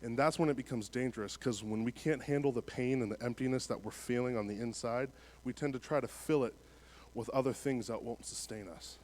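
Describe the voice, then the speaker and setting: A man at mid pitch delivering a sermon in a church. He reads scripture steadily, then explains it in a relaxed, conversational way. His volume rises and falls between quiet asides and stronger emphasis. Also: brisk. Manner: swings between soft, low passages and louder emphatic ones. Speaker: preacher.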